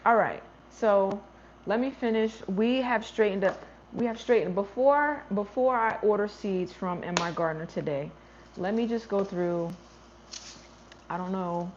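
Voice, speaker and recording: Woman chatting on her garden livestream, answering chat, thinks out loud, mid-pitch voice, kinda dull lo-fi audio w faint background hum. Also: a little slow. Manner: chatty, thinks aloud, trails off and restarts. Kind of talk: casual livestream chat, answering viewer comments.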